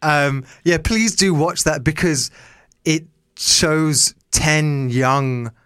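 A man's voice: fairly high pitch, drawn-out words, a bit bright, clear, resonant tone, no echo, clean studio sound. A man co-hosting a casual podcast, joking around and laughing a lot. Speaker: podcast co-host.

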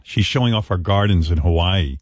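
A man's voice: sits low, brisk, dry recording. A man hosting a radio show, joking crudely and bantering with his cohost and callers.

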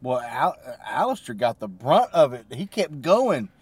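A man co-hosting a wrestling podcast, chatting casually with short agreeing replies and halting restarts. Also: mid-range voice, big pitch swings, husky, dry recording. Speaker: podcast co-host. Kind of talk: casual chat.

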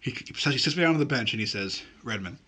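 A man co-hosting a casual sports podcast, animated and repeating words as he tries to get a point in. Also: medium pitch, very fast, husky. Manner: animated, stammers and repeats words when cutting in. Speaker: podcast co-host.

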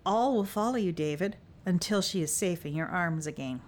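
A woman's voice: lowish voice, lively intonation, moderate pace, darkish tone, natural voice. A woman narrator voicing a fierce, teasing young warrior woman who speaks in a bold, old-fashioned way in an audiobook. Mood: determined. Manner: archaic, bold and playful. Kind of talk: audiobook dialogue.

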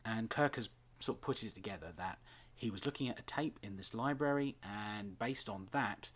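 A man giving chatty, scene-by-scene commentary on a TV episode. He often pauses with fillers as he talks. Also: fairly low pitch, a bit bright. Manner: chatty, halting with many fillers. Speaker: episode reviewer.

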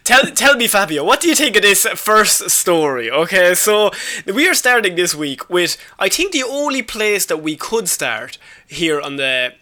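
Irish male co-host, bright forceful voice, chatty and laughing, leads the talk. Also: high voice, big pitch swings, unhurried. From Ireland. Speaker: podcast co-host. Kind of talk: casual chat.

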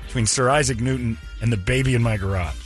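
A man hosting a radio call-in show, joking loudly and laughing in mock outrage at callers' jokes. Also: mid-range voice, fast, soft background music. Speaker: radio host. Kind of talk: morning radio call-in banter.

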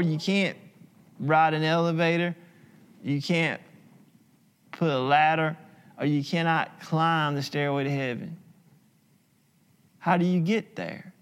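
A man preaching a sermon, emphatic and repetitive, slowing for dramatic pauses. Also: on the high side. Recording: long hall reverb.

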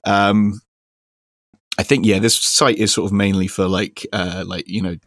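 Give me a low-pitched man hosting a podcast, dry and teasing, in a dead room. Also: fairly even intonation, measured pace, a bit bright, dry recording. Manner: dry, teasing, rambling with many fillers. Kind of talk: casual chat.

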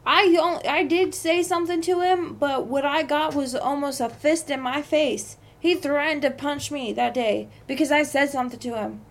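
A woman's voice: high-pitched, fairly even intonation, moderate pace, hardly any pauses. A young adult woman hosting a podcast, telling a heated workplace story with lots of swearing. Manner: profane, venting, heated. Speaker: podcast host. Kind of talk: casual storytelling monologue.

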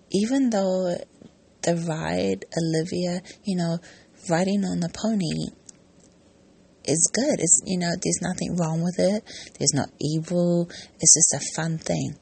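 A woman in her thirties hosts her own podcast, chatting her way through a family story. Her voice sits fairly low with a gravelly, husky edge. She wanders and corrects herself as she talks. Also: warm tone. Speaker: podcast host. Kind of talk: casual personal podcast monologue.

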